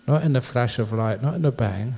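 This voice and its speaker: A male monk giving a public dharma talk in a university lecture hall. His voice sits at an everyday middle pitch. He tells stories playfully and jokes with the people listening. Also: brisk, vocal fry, dark tone, husky. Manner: playful storyteller, jokes with the audience.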